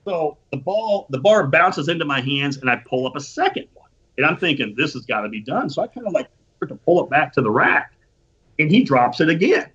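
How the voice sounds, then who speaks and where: Man, husky voice, fairly high pitch, casual animated storytelling, muffled lo-fi sound. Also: fairly quick. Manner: animated storytelling with profanity and acted-out quotes. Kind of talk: casual anecdote. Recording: dull lo-fi recording.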